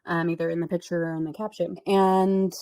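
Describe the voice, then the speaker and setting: A woman's voice: lowish voice, flat delivery, fairly quick, dark tone, no room sound. A woman hosting a casual commentary video, talking in a chatty, wry way with many fillers. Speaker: commentary channel host.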